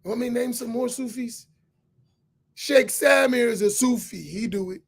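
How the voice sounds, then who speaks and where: Man preaching loud and pushy, real high gravelly husky voice, keeps repeating himself. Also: moderate pace. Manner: loud, challenging, repeats phrases for emphasis. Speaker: imam on a roundtable. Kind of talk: impassioned preaching to an audience.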